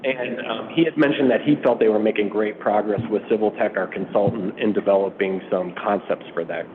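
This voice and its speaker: Brief: man, raspy from allergies, municipal staff presenter, casual and filler-heavy; narrow phone-band sound. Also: steady tone, a little fast. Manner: informal, many fillers. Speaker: public works official presenting to city council. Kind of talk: briefing at a council retreat. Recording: phone-like, muffled sound with faint rumble.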